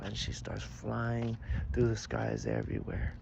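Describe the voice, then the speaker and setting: A man telling an improvised story in a casual way, swinging between loud bursts and near-whispers. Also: mid-range voice, little pitch movement, measured pace, creaky, muffled recording. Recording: noisy background.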